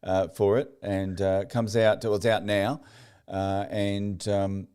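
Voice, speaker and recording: Aussie podcast host guy, chill, smooth clear voice, lowish. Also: level tone, takes it slowly, darkish tone. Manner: brief agreeing replies, laid-back, swears casually. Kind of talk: casual interview chat.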